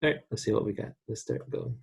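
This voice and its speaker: A man from the United States teaching a recorded online Spanish lesson, patiently repeating words slowly for students to practice. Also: on the low side, creaky, noisy background.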